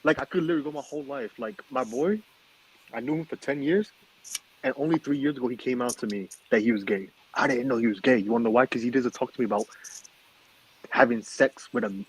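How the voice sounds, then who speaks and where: A man's voice: medium pitch, steady tone, fast talker, breathy edge, poor audio. A man co-hosting a podcast, telling stories in emphatic casual chat and checking in with his listeners again and again. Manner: emphatic storyteller, keeps asking "okay?". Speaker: podcast co-host.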